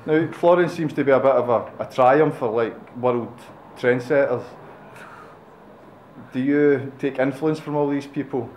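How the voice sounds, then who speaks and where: A man's voice: medium pitch, darkish tone. A man interviewing a band in a music club, joking and teasing in a casual, playful way. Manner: teasing, playful, quick with quips. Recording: roomy club with faint background hum.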